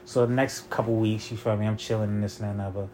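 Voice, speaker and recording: A man's voice: lowish voice, flat delivery, quick pace, warm tone, slight background noise. A man in his twenties telling a long story in a casual, rambling and profane way, with constant "you feel me" fillers.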